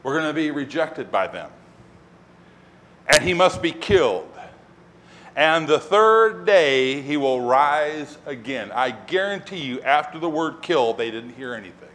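A man preaching a sermon as pastor, telling the story in an animated way and acting out scenes. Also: on the high side, a little slow.

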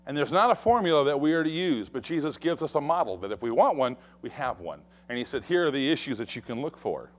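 A man preaching a sermon in an expressive way, acting out the voices he quotes. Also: medium pitch, quick pace, few pauses. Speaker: pastor.

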